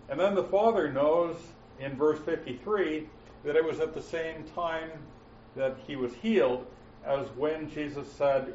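A man's voice: fairly high pitch, darkish tone, a little hiss or hum. Man teaching scripture in a roomy hall. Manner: frequent "uh" fillers, slows down to stress quoted phrases. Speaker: Bible teacher. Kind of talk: verse-by-verse Bible teaching. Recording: roomy, muffled, mic at a distance.

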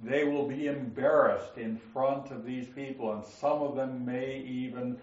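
A man's voice: medium pitch, fairly even intonation, unhurried, darkish tone, reverberant, muffled recording. A man teaching a Bible class, explaining grammar step by step and reading passages aloud to students. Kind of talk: classroom lecture on scripture grammar.

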